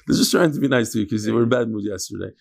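A man teaching a lively Talmud class, joking with his students and mixing in Hebrew and Yiddish terms. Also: lowish voice, rapid-fire, vocal fry, a crowd in the background.

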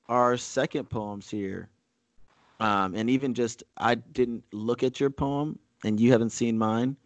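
A man's voice: medium pitch, a bit bright, no echo. A man in casual conversation as a co-host, rambling with frequent fillers and restarts, and reading a speech aloud. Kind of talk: casual chat.

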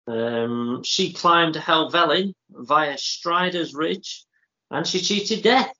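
A man co-hosting a podcast, reading listener shout-outs in an upbeat, jokey way. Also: on the high side, slow pace, muffled recording. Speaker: podcast co-host. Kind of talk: casual chat.

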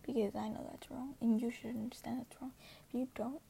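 A teenage girl vlogs in a casual, earnest monologue, hesitating often and dropping to a breathy half-whisper. Her voice sits a bit high but mellow, with plenty of vocal fry. A faint hiss of noise runs under it. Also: fairly even intonation, brisk. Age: teens. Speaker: social media poster.

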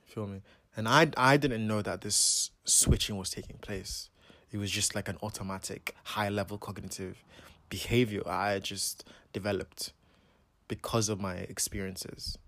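Young man, low, dry, relaxed, reflective, casual interview talk. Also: measured pace, no echo. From Scotland and Nigeria. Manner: relaxed, reflective, loose with fillers. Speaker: photographer.

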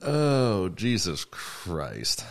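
Brief: male co-host, low animated voice, dry and halting, reads items aloud. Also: gravelly. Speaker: podcast co-host. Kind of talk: casual chat, reading news aloud.

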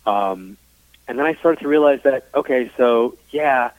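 A man from New York tells his story on a tinny, phone-like line, talking frankly and loosely with plenty of fillers. His voice sits at an ordinary middle pitch. The sound is dry and close. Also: measured pace, dry recording. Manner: chatty, frank, many fillers, acts out quoted dialogue. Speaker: psychic medium guest. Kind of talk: casual storytelling interview.

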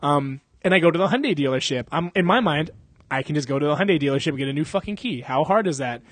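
A man's voice: a little high, expressive, fast, no room sound. Rambling, profane young man telling a story. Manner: rambling, profane, full of fillers and sound effects. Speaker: podcast host telling a story. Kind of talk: casual storytelling.

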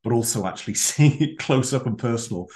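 A man hosting an interview, asking long questions in a halting way with repeated words. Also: mid-range voice, animated, darkish tone, slight background noise. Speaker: podcast host.

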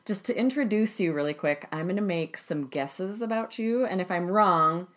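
A woman's voice: fairly low pitch, expressive, normal speed, a bit bright. A woman in her thirties hosting a parenting podcast in casual chat, upbeat and laughing often. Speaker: podcast host.

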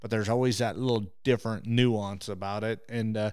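Guy telling hunting stories on a podcast, smooth clear voice, dry close mic, keeps repeating himself when he gets going. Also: fairly low pitch, brisk, no room sound. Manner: restarts and repeats words when excited. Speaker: hunting show host, interview guest. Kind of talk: animated storytelling.

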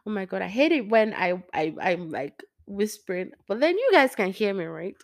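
Young woman, casual faith talk to her listeners, middle pitch, rambling and self-correcting, sometimes near-whispering. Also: sing-song, moderate pace. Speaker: Christian speaker.

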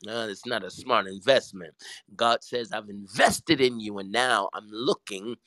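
A Southern US pastor with a lowish, sharp voice preaches fervently on a talk show at a slightly slow pace, breaking into tongues and repeating himself in stammers as he builds. The recording is rough, with no echo.

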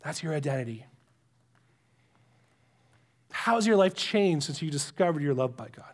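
High-voiced earnest pastor preaching. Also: male voice, animated, moderate pace. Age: adult with young children. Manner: conversational and earnest, drops to a hush for emphasis. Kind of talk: sermon.

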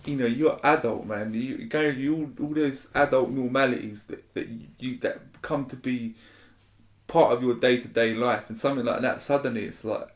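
A man's voice: mid-range voice, steady tone, moderate pace. A man, a spoken word poet chatting casually and reading his poetry. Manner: swears casually, rambling, says "innit".

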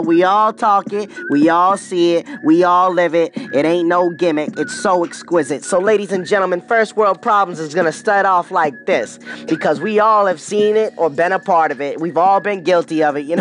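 Man, East Coast accent, high voice, comedic ranting host, rhetorical questions, faint music. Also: a bit bright. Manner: keeps asking "you know what I'm saying". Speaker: show host. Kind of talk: comedic monologue.

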